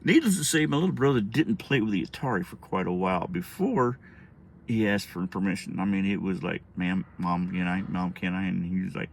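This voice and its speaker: A man's voice: fairly low pitch, expressive, a little fast, vocal fry, slightly rough. A middle-aged man telling a rambling, profane story in a casual vlog. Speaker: storyteller vlogger.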